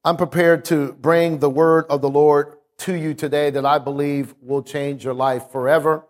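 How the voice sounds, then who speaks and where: A man's voice: fairly high pitch, flat delivery, normal speed. A male pastor preaching a sermon emphatically, calling on his congregation to respond. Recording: long reverb of a large hall.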